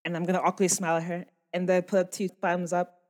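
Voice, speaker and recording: A woman's voice: on the low side, little pitch movement, quick pace, a little mellow. A woman playing a tabletop game, describing what her character does. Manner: chatty, describes actions. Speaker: player.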